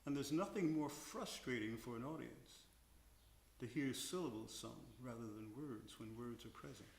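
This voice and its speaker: This is an older man, a seasoned opera tenor, musing slowly about singing at a stage Q&A in a concert house and sometimes singing short passages to make a point. His voice is mid-range and creaky, heard in a roomy acoustic.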